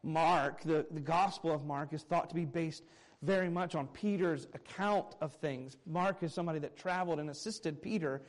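A man preaching a sermon, explaining a scripture passage with earnest emphasis and quiet low asides. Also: moderate pace, low-quality recording. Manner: earnest expository preaching, reading scripture aloud; animated, swinging between raised emphasis and quiet low asides. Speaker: pastor.

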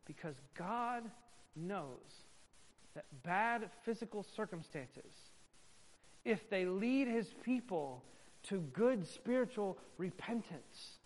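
A male pastor preaching a sermon emphatically, moving from loud stresses to hushed asides. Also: high-pitched, big-room sound.

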